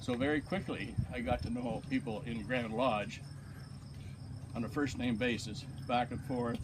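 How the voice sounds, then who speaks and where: A man's voice: mid-range voice, fairly even intonation, measured pace, noisy background. A man giving informal acceptance remarks to a gathering, telling stories and a joke in a folksy way. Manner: folksy storyteller, telling a joke with quoted voices. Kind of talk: casual speech to a gathering.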